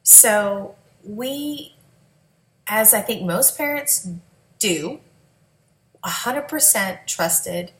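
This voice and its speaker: A woman's voice: mid-range voice, a bit bright. Candid woman telling her story, echoey room. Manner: candid, emotional, conversational. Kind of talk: personal storytelling vlog.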